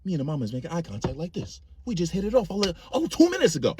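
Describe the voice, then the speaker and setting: A man's voice: on the high side, huge pitch swings, very fast, background noise. A man telling a casual, profane story and calling his listeners gang.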